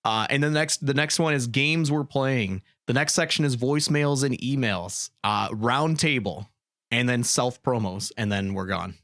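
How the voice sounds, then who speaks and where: A man's voice: mid-range voice, moderate pace, a bit bright, no room sound, studio quality. A man hosting a podcast in casual chat, rambling and repeating words as he restarts his sentences. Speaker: podcast host.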